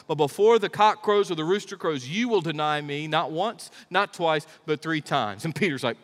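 A man preaching a sermon as pastor, emphatic, asking the crowd rhetorical questions and swinging between loud and soft. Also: fairly high pitch, animated, moderate pace, hardly any pauses. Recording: long echo of a big hall.

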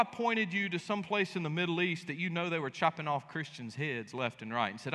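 A man pastor preaching a sermon in a church sanctuary, animated and joking as he tells the story. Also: fairly high pitch, a little fast, few pauses. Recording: echoey church hall.

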